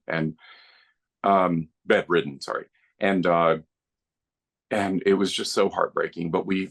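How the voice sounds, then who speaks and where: A man's voice: sits low, creaky. A middle-aged man, a guest filmmaker on a podcast, reminiscing in an earnest, heartfelt way. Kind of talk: podcast interview.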